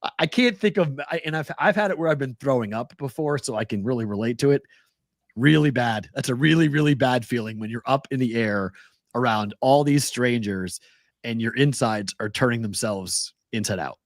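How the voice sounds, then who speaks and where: A man's voice: medium pitch, normal speed, dry recording. Rambling male podcast host, dry sound. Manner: rambling, stammers and repeats words. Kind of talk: casual chat.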